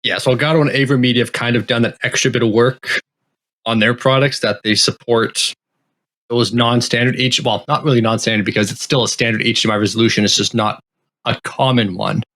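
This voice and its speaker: A man co-hosts a casual tech podcast in a middle-pitched voice. He explains hardware details at length, steady and matter-of-fact. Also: brisk.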